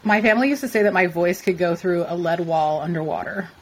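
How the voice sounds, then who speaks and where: A podcast co-host chats casually, playful and self-mocking, laughing often. Her voice is on the low side and fast, with heavy background noise.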